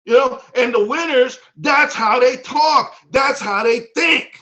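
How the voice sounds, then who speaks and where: A man giving a fervent motivational pep talk to his team on a video call, building up to shouts. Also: very high-pitched, takes it slowly. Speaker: business leader speaking to team.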